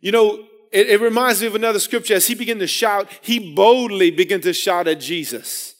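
Man, sermon, high voice, earnest, repeats and restarts phrases. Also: a little fast. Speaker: preacher.

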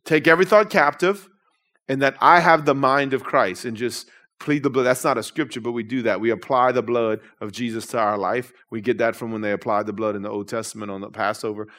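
A middle-aged man preaching in a church, animated and conversational with casual slang. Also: mid-range voice, brisk. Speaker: pastor. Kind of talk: sermon. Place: church sanctuary.

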